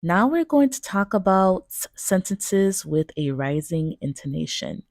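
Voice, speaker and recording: Slow, lilting American woman teacher. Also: fairly low pitch, sing-song, gravelly, no echo, clean studio sound. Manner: exaggerated rising and falling intonation. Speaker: English pronunciation teacher. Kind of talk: slow, deliberate example sentences for learners.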